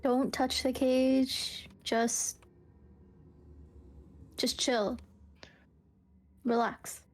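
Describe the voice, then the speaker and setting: A man voicing a hushed female jailer who gives slow, drawn-out warnings. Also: very high-pitched, little pitch movement, pitched above the performer's own voice, heavily acted.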